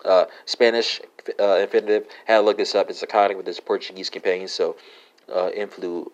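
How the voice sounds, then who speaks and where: Deep-voiced man spelling out verb forms. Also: level tone, lo-fi sound. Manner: halting, many fillers, spells words letter by letter. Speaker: language podcast host. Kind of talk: solo language lesson.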